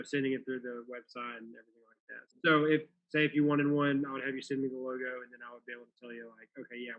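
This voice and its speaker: A young man, a guest in a casual interview, talking in a friendly, relaxed way and explaining things plainly. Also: medium pitch. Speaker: guest, small business owner. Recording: slightly dull lo-fi audio.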